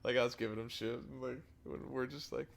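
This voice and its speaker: A man's voice: medium pitch, steady tone, fast talker, gravelly. A young man co-hosting a podcast, joking and teasing his friend in casual chat. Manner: joking, teasing, laughs often. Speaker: podcast co-host.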